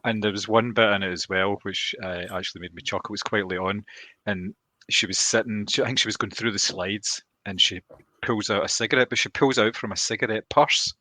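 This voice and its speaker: A man co-hosting a film podcast, telling relaxed anecdotes. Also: lowish voice, brisk, no echo. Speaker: podcast co-host. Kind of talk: casual film podcast chat.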